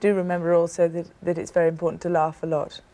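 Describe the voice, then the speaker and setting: A woman's voice: on the low side, level tone, fast talker, dark tone. A British woman in her thirties, a talk show guest telling personal stories with earnest emphasis and frequent restarts. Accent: British English. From Britain. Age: 30s. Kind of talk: personal storytelling in a TV interview.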